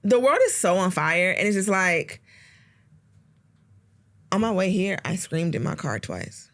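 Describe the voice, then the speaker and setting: A woman's voice: fairly low pitch, animated, a little slow, fairly bright tone. A woman co-hosting a comedy podcast, trading sassy, profane banter. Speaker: podcast co-host. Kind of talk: casual comedic chat.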